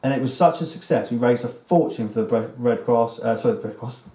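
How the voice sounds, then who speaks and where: English man, thirties, sweary rambling podcast host, echoey room, average pitch. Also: quick pace, mellow. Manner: swearing, rambling storyteller with restarts. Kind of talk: casual podcast chat.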